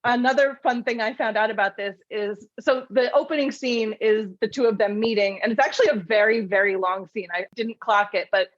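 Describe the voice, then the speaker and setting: A woman podcast host in casual chat, telling film trivia in a lively storytelling way with frequent laughs. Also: fairly high pitch, fairly quick, few pauses, lo-fi sound.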